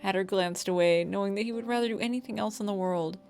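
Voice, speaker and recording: A woman's voice: medium pitch, quick pace, darkish tone, soft background music. A woman with a New York accent, streaming a game, reading its text aloud and reacting emotionally, swearing freely.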